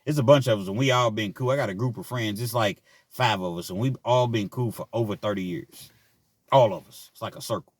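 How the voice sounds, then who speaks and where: A middle-aged man casually telling a personal story, laughing often and swinging between loud bursts and quiet asides. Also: lowish voice, a little fast, no echo. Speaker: storyteller vlogger.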